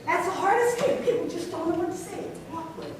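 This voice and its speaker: A woman's voice: very high voice, brisk, background noise. A woman preaching a sermon in a church, telling stories and asking her congregation questions. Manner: storytelling, asks congregation questions. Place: church sanctuary. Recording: echoey church from a distance.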